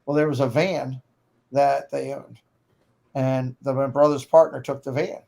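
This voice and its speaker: A man's voice: mid-range voice, flat delivery, unhurried, gravelly, warm tone. A man chatting casually on a live stream, telling a rambling story with hesitations.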